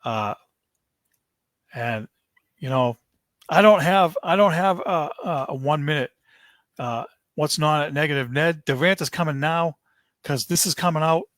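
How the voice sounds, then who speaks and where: A man's voice: fairly high pitch, unhurried, long pauses, fairly bright tone, dry recording. A man, hosting a sports podcast, launches into an angry, fed-up rant, stumbling and repeating himself as he vents. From Boston area.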